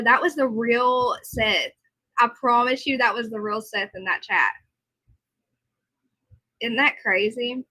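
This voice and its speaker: A woman hosts a casual livestream, talking easily and answering her viewers as she goes. She sounds tired, but her voice stays bright and a little high. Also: poor audio. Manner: chatty, reads and answers viewer comments. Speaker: livestream host.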